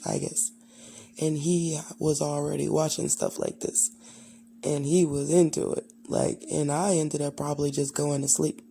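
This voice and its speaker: A woman's voice: sits low, creaky, warm tone, a little hiss or hum. A young adult woman candidly telling a personal childhood story, rambling and full of fillers. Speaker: vlogger.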